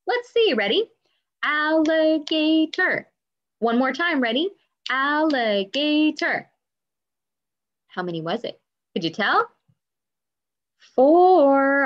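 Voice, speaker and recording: A woman teaches young children music over video, stretching words into slow, bouncy syllables. Her voice sits a little high and leaps up and down, kept unhurried for little listeners. The audio is a bit dull, like a simple camera mic. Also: a bit bright. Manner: sing-song, drawn-out syllables, encouraging questions.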